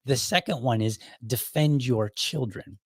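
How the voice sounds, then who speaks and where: A man's voice: mid-range voice, unhurried, husky, dry recording. A middle-aged man from Ohio telling stories about his childhood in a casual, rambling way, correcting himself as he goes and acting out quotes. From Ohio, United States. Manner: rambling, self-correcting storyteller who acts out quotes. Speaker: podcast host. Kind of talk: casual storytelling monologue.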